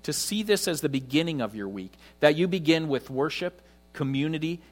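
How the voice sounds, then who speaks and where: A man preaching a conversational sermon in church, with frequent pauses. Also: mid-range voice. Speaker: pastor.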